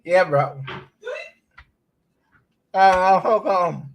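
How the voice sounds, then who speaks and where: A man hosts a laid-back crypto livestream into his streaming mic. His voice sits somewhat high and he talks slowly, rambling between topics and reading news aloud haltingly. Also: poor audio. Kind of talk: casual livestream chat.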